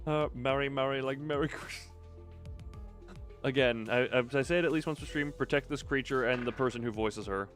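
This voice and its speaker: A man's voice: mid-range voice, fairly quick, a bit bright. A man casually reading a game's dialogue aloud on a stream, joking playfully and often hamming up the lines. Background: game music.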